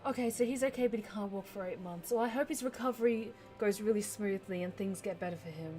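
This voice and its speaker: A woman talks through a game stream in a chatty, excitable way, reading viewer comments and muttering over her inventory. Her voice sits at an ordinary middle pitch, with soft game music faintly in the background. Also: fast. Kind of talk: casual let's-play commentary.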